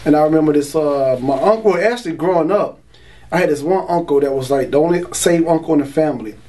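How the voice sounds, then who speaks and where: A man's voice: a little high, quick pace, warm tone. Man, casual and streetwise. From Florida, US. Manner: streetwise slang, frequent "you know" and "y'all". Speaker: man giving a religious testimony. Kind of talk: casual spoken testimony.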